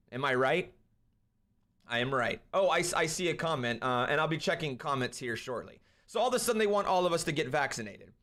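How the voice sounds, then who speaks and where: A young man hosting a live stream, ranting and commenting on a clip, swinging between loud outbursts and quieter asides. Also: fairly high pitch. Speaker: streamer host.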